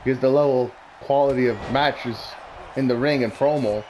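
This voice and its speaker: A man's voice: medium pitch, steady tone, moderate pace, a little mellow, slight background noise. A man talking casually and bluntly, rambling through opinionated predictions with plenty of swearing. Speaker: wrestling commentary vlogger.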